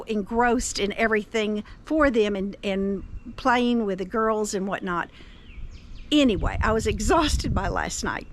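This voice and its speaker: A woman, chatting casually to camera outdoors in her garden and telling a story with plenty of filler words. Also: mid-range voice. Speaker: gardening vlogger.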